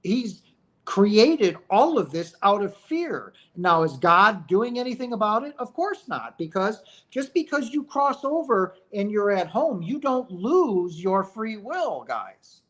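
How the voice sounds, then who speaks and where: This livestreamer discusses near-death experiences in a high, fairly bright voice that swings widely in pitch and moves slowly. His spiritual talk is emphatic and sermon-like, packed with rhetorical questions, frequent "right?" checks, and shout-outs to "guys."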